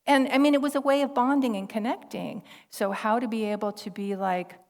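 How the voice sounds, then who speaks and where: A woman's voice: on the high side, fairly even intonation, a little fast, few pauses. A woman minister giving a sermon in a conversational, storytelling way, quoting others as she tells her story. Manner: conversational, warm storytelling with laughter and quoted dialogue. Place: church service hall. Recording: long reverb of a large hall.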